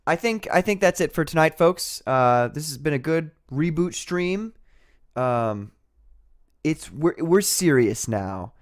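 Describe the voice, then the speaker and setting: A man's voice: a little high, lively intonation, slow. A man hosting a casual livestream, rambling and sarcastic, often breaking into laughter. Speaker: livestream host.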